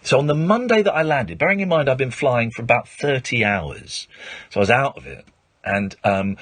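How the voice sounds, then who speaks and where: A man's voice: medium pitch, a bit bright, husky, no room sound. A man hosting late-night radio, telling a rambling story full of fillers and restarts into a studio microphone. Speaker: radio host.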